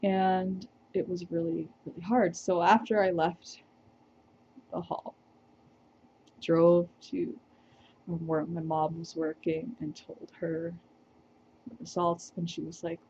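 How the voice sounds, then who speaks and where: A woman's voice: fairly low pitch, flat delivery, slow pace, pauses often, dark tone, dull audio, a little hiss or hum. A woman vlogger telling a personal story to the camera, reflective and hesitant, with small laughs.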